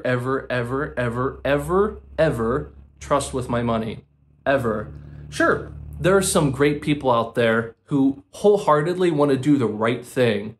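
A young man with an American accent, speaking in an emotional, unscripted vlog monologue, earnest and impassioned, repeating words for emphasis and often saying "man" and "dude". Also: medium pitch. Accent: American English. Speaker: vlogger, former financial advisor.

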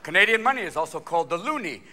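A man doing live stand-up on a theater stage, his voice riding high and leaping all over the place as he tears through quick character voices and shouted punchlines. Audience laughter and theater ambience sit loud around him, typical of a live stage recording. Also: expressive, crowd noise, noisy background. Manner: manic, rapid-fire voices and shouted punchlines. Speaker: stand-up comedian. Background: audience laughter and hall ambience.

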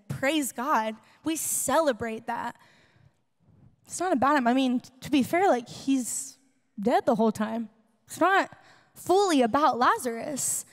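A woman's voice: high-pitched, in a large hall. A woman youth pastor giving a sermon, chatty and conversational, acting out quoted dialogue and rising to passionate preaching. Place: church hall.

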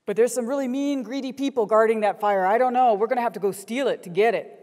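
A middle-aged woman giving a keynote address in a large conference hall, earnest and lively as she tells a story. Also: on the high side, fast talker. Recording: long reverb of a conference hall.

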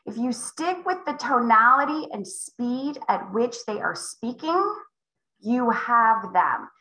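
Woman, sales coach, emphatic, slightly high, bright, roomy echo. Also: sing-song, slow. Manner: emphatic, role-plays client dialogue with big pitch jumps. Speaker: real estate sales coach. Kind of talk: live coaching call.

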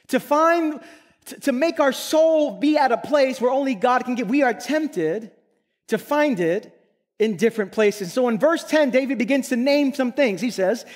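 A male pastor preaching a sermon, emphatic, with sudden loud bursts and slow, drawn-out phrases. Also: extremely high pitch.

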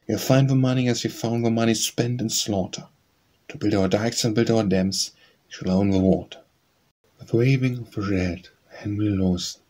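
Husky low man reciting verse flatly. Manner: steady, measured verse reading. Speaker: audiobook reader. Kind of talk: poetry recitation.

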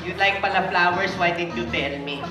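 Her voice on the low side and a little fast, a party magician with a Filipino accent teases the children and coaxes them through her tricks at a live show. The sound comes from an echoey party hall, distant from the mic, with music and crowd noise.

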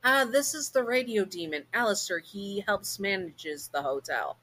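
A woman's voice: mid-range voice, expressive, normal speed, fairly bright tone, voice pushed up. A woman voicing an eager, friendly young princess in a storytelling video.

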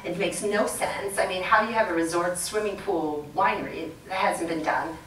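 A middle-aged woman giving a leadership talk to an audience, chatty and quick to laugh. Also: on the low side, a bit bright. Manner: chatty, laughs often, plays with the crowd. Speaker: guest speaker. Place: lecture room with audience. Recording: roomy sound from a distant mic, faint background noise.

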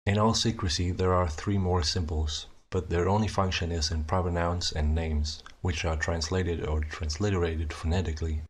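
A young man narrating a scripted explanation of his invented writing system, measured and methodical, slowing down to sound out each example. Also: deep voice, slightly rough. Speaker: conlang creator presenting his language.

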